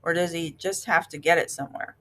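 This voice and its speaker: A woman's voice: on the low side, fairly even intonation, brisk, fairly bright tone, lightly acted. A woman voicing a blunt, worldly male cat in a storybook reading, with a dry and impatient delivery. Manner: dry, impatient, matter-of-fact. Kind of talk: storybook read-aloud.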